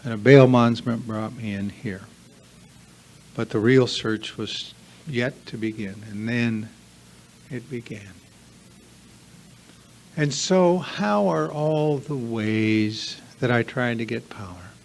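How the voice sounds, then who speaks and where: A man's voice: medium pitch, slow pace, creaky, slight background noise. Earnest man telling his story. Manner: earnest, confessional, builds emphatic repeated lists. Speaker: recovery workshop speaker. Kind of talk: personal testimony talk to a live group. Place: meeting room with a live audience.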